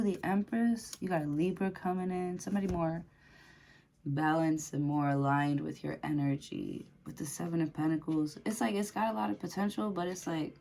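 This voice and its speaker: Low-voiced chatty woman with gravelly fry. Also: slight background noise. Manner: chatty, laughs often, lots of fillers. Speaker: tarot reader. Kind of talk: casual tarot reading to camera.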